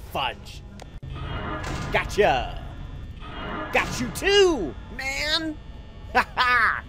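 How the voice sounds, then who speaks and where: A young man playing a horror game and commenting, excitable, swearing at it, yelping and trash-talking. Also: on the high side. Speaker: gaming YouTuber. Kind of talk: let's play commentary. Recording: game music loud behind voice. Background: game music.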